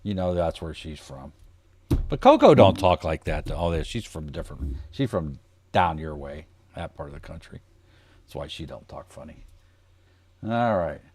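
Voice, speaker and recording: A man's voice: very deep voice, sing-song, moderate pace, pauses often, a little mellow, slightly rough. A man from Ohio hosting a casual trading livestream, folksy and joking, calling himself plain redneck. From Ohio, United States. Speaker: trading coach host.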